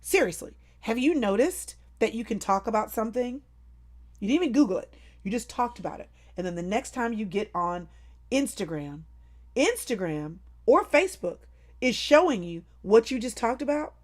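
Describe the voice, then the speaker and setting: Speaking at a moderate pace in a voice on the high side, this woman addresses viewers on a casual home live stream, playful, animated and over the top.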